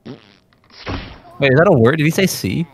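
Fast-talking teasing man. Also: on the high side, expressive, slightly rough. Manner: quick, teasing banter. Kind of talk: casual chat with friends over a movie.

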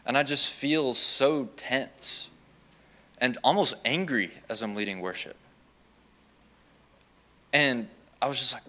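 A young man giving a chapel testimony as a student, telling his story in an animated way and acting out the lines of the people in it. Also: mid-range voice, takes it slowly, pauses often. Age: young adult. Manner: animated, acts out quoted dialogue.

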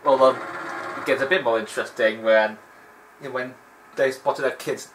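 A man's voice: mid-range voice, steady tone, normal speed, noisy background. A man hosting a let's play, chatting in a rambling, digressive way and laughing often while he plays. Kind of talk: rambling gameplay commentary.

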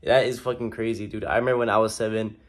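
A young man talks straight to his audience in a loose, slang-heavy rant. He sounds exasperated and swears freely. His voice sits a little low. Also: level tone, quick pace. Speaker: vlogger. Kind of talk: casual rant to camera.

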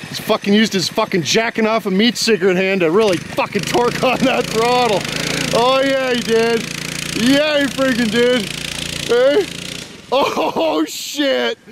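A high-voiced, rowdy man, narrating from behind a handheld camera outdoors. He talks at an unhurried pace, swears constantly and keeps calling the crowd "boys." A faint outdoor hiss sits under his voice. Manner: profane, laughing, excitable, calls everyone "boys". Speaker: vlogger filming friends. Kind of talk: rowdy casual commentary.

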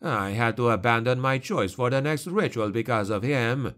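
A man's voice: medium pitch, normal speed, close to an everyday voice. A man voicing a bitter, fearful male necromancer in an audiobook, speaking sharply. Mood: testy. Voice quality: sharp, snapping.

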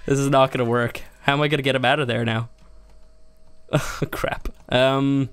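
A man doing let's-play commentary in a gravelly, mid-pitched voice. He talks himself through every move of his survival game, his voice leaping up high whenever things go wrong. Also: fairly bright tone. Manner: exasperated, self-narrating, laughing at mishaps; jumps much higher in pitch when upset. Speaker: gaming YouTuber.

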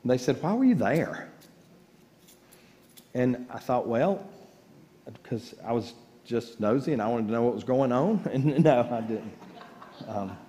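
Joking pastor in a big echoing church. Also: male voice, mid-range voice, animated, a little slow, pauses often, mellow. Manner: folksy, joking storyteller. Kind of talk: sermon. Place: large church sanctuary. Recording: church livestream with long reverb.

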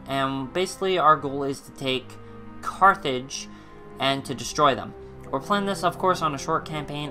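A man hosting a gaming video, ranting angrily and swearing a lot before starting play. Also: on the high side. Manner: angry profane ranting. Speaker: gaming YouTuber. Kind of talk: let's play commentary.

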